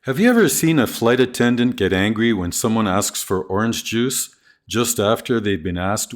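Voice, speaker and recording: A man giving a scripted lesson on teaching pronunciation, slowly modelling example phrases and sentences. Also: on the low side, animated. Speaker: teacher trainer. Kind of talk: scripted instructional narration.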